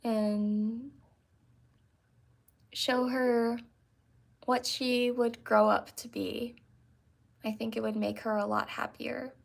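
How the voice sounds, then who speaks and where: Slow, gravelly-voiced woman streamer. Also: fairly high pitch, level tone. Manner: halting, soft-spoken, many fillers and restarts. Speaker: livestream host. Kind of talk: casual livestream chat with viewers.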